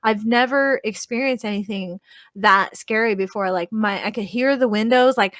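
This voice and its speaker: A woman's voice: medium pitch, normal speed, fairly bright tone, no echo, clean studio sound. A woman in her thirties telling a story in casual chat, rambling, swearing and filling her talk with "like.". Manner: rambling, profane, full of "like" fillers.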